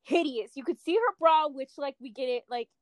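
A woman's voice: high-pitched, a little fast, no room sound. A woman co-hosting a casual chat show, catty and emphatic, swearing freely as she picks apart a reality show contestant. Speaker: podcast co-host.

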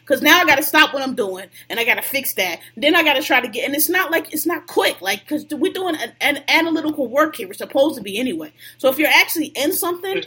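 High pitched woman going off, cussing nonstop, casual podcast rant. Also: pushed and bright. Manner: profane, heated ranting. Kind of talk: casual venting chat.

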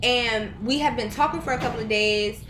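Young woman podcast cohost, rambly storytelling while eating, kinda high voice, echoey room. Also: a little fast, noisy background. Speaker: podcast co-host. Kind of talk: casual chat.

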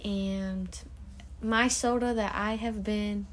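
A woman's voice: medium pitch, steady tone, slow. A young woman, a college soccer player, giving a casual life update on a podcast in a laid-back, musing way. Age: young adult. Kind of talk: casual chat.

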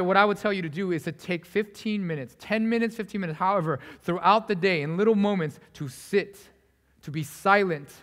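A young man preaching a sermon as a pastor, telling the story in a casual, conversational way, acting out the people in it and dropping to hushed asides. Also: high-pitched. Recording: long hall reverb.

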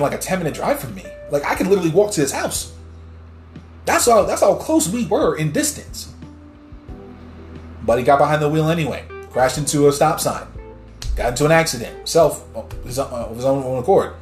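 A man hosting a podcast, ranting heatedly about the news in blunt, short, swearing sentences. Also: on the high side. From New Jersey. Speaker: podcast host. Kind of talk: casual news commentary. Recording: echoey room with faint music.

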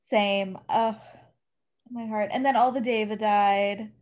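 A woman's voice: mid-range voice, fairly even intonation, slow, darkish tone, lo-fi sound. A woman co-hosting a casual book discussion, talking expressively and laughing often. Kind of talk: casual chat.

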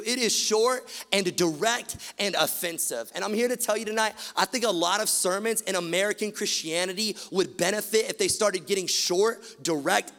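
Gravelly preacher in an echoing hall. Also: male voice, sits high. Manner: animated preaching, rising loud then dropping to hushed. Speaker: pastor. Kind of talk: sermon. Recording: long hall reverb.

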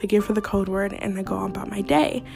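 A young woman hosting a podcast, telling a scary story in a casual, animated, profane way, talking straight to her listeners. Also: mid-range voice, quick pace, gravelly, soft background music. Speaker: podcast host.

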